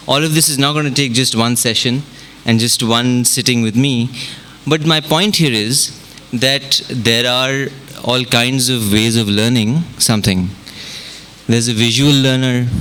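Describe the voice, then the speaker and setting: A man's voice: mid-range voice, a bit bright. A man teaching music and counting beats aloud to an audience in a workshop, mixing in Hindi. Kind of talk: interactive workshop talk. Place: event room with audience.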